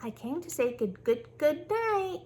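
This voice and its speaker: A woman voicing an excitable young male squirrel in a storybook read-aloud, repeating his words in threes. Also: high voice, a little slow, pitched above the performer's own voice. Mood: excited.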